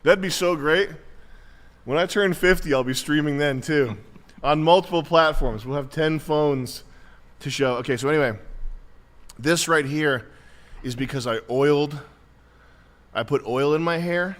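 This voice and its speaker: Congested man in his forties, bright tone. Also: on the high side, unhurried, long pauses. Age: 40s. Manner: rambling, deadpan jokey banter. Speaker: streamer. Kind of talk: casual livestream chat.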